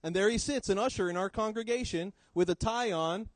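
High-voiced preacher, dry sound. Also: male voice, fairly quick, no room sound, low-quality recording. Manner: preaching with sudden swings between loud emphasis and low quiet drops. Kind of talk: sermon. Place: church.

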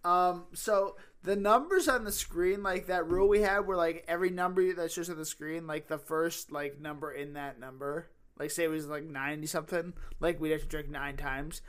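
Podcast co-host, man with a notably high voice, profane and loose. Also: steady tone, moderate pace, hardly any pauses, a bit bright. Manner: swears a lot, fills with 'like'. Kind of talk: casual chat.

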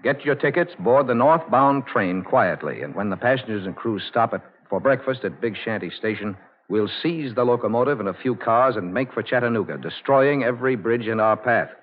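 An actor playing a calm, authoritative spy leader in a 1940s radio drama, measured and firm. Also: male voice, mid-range voice, narrow, tinny audio, natural voice. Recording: noisy old radio recording.

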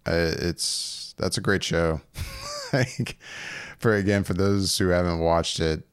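A man with a deep, smooth voice co-hosts a podcast, chatting loosely and laughing between thoughts. He wanders through his points with plenty of restarts, recorded dry and close. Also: steady tone, slow, dry recording. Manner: rambling, often laughing, many restarts. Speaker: podcast co-host. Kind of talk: casual chat.

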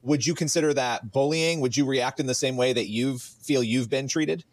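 A man interviewing a student, asking measured, probing questions. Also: medium pitch, dry recording.

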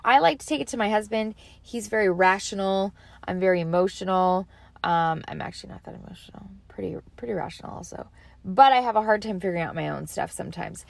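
A woman's voice: medium pitch, vocal fry, fairly bright tone, dry recording. Chatty woman in a dry close-mic recording. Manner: chatty, rambling, self-deprecating, laughs easily. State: slight allergy cough. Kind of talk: casual faith-based advice talk.

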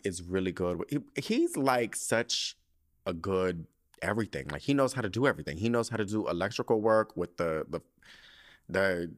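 A man with a low voice talks loosely into a podcast mic, rambling like he's on a phone call with a friend. His pitch jumps around a lot as he gets emotional, and he swears freely between his stories. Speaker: podcast host. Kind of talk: casual solo podcast chat. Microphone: podcast microphone.

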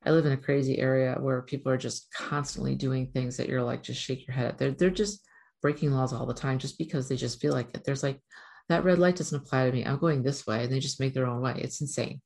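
Low, gravelly-voiced woman vlogging. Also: steady tone, fairly quick, darkish tone. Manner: rambling, candid, swears casually. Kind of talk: casual spiritual vlog.

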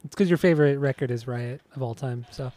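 A man's voice: mid-range voice, fast talker, crowd noise. A man hosting a podcast in casual chat, teasing his co-host and laughing easily. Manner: easygoing, teasing, laughs often.

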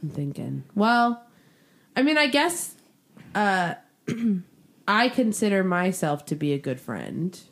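A woman's voice: mid-range voice, very animated, takes it slowly, long pauses, a bit bright. A tired woman co-hosting a casual podcast, talking in a rambling, hesitant way. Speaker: podcast co-host.

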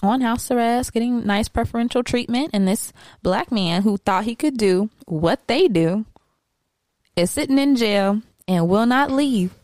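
A woman with a smooth, resonant, mid-pitched voice chats casually as a podcast co-host. She tells stories with lively asides and mimics the people she talks about. The recording is close and dry. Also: unhurried, no echo. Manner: animated storytelling, mock-sings and acts out quotes. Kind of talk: casual chat.

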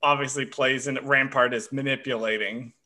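Bright-voiced chatty man. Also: mid-range voice, fairly even intonation, moderate pace. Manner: chatty, self-described history nerd, frequent uh fillers. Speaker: podcast co-host. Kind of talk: casual chat.

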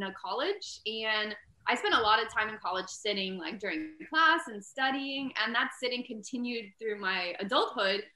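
Bright-voiced woman in an echoey room. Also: fairly high pitch. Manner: earnest, peppered with "like", grows loud and emphatic. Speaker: entrepreneur and inventor, interview guest. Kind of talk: casual interview talk.

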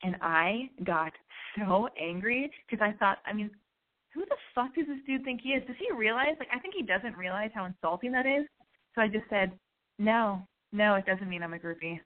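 A podcast host with a fairly high, expressive voice talks at a normal speed, sounding as though she's on a tinny, phone-like line. Chatting casually on her own show, she tells a rambling, profane story that pokes fun at herself.

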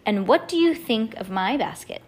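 A woman's voice: a little high, animated, moderate pace. Melanie, a woman reading as a snooty schoolgirl. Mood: snooty, boastful. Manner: snooty, proud.

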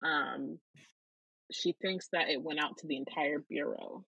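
A woman's voice: sits low, steady tone, a little slow, vocal fry, pushed and bright, husky, no room sound, poor audio. A woman podcast co-host summarizing a book chapter casually, with frequent "um"s.

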